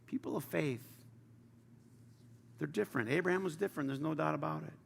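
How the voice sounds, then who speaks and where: A man preaching a sermon as pastor, passionate, swinging from loud urging to hushed near-whispers. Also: on the high side, brisk, vocal fry, a little hiss or hum. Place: large church hall. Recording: reverberant church hall with faint ambience.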